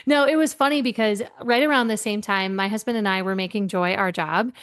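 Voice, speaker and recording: A middle-aged woman who coaches on leadership tells stories energetically as a guest in an easygoing podcast interview. Her voice sits at an ordinary middle pitch and moves fairly quickly, and she acts out the voices of the people she quotes.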